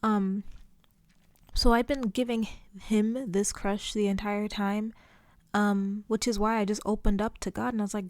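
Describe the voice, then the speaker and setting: A woman's voice: mid-range voice, level tone, a little slow, no echo. A young woman vlogging in an earnest, chatty way about her faith, with many fillers. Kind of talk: casual faith vlog talk.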